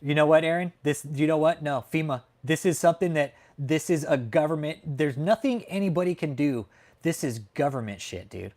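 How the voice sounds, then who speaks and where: A man's voice: on the high side, expressive, normal speed, darkish tone. A man from California hosting a casual livestream chat, talking in a heated, profane, emphatic way and often tacking on "man". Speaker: livestream host. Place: home in Texas.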